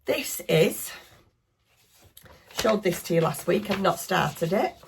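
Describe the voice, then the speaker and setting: A middle-aged craft vlogger from northwest England, with a Northern English accent, shows her knitting to viewers while chatting casually and rambling in a self-deprecating way. Her voice is on the low side, creaky, and slow, with lively intonation, and there's slight background noise.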